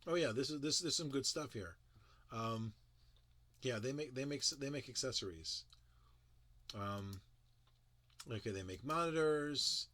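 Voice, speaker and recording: A man's voice: mid-range voice, animated, unhurried, long pauses, pushed and bright. A man giving casual, critical commentary as a tech show reviewer, emphatic and sarcastic, with frequent restarts.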